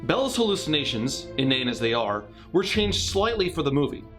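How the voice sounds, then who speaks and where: A man's voice: on the high side, sing-song, brisk, a bit bright, soft background music. A man narrating a scripted comedic movie review with sarcastic, mocking asides.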